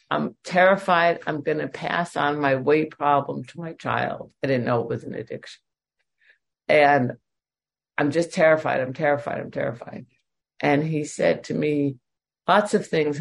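Emotional woman with a gravelly voice. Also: low voice. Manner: candid and emotional, self-deprecating humor. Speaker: speaker sharing at a recovery meeting. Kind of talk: personal testimony. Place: at home.

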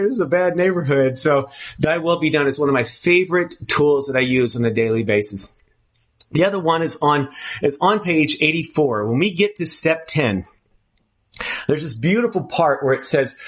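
A man's voice: on the high side, a bit bright, husky. A man speaking candidly at a twelve-step recovery meeting, earnest and emphatic, often restarting his phrases.

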